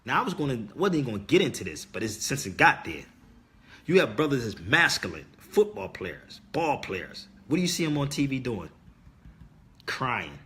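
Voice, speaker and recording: This middle-aged livestream host delivers a casual, sermon-like monologue to viewers in a pushed, bright voice of medium pitch with big pitch swings. Speaking at a moderate pace, he presses his points insistently and repeats his key words, with slight background noise present.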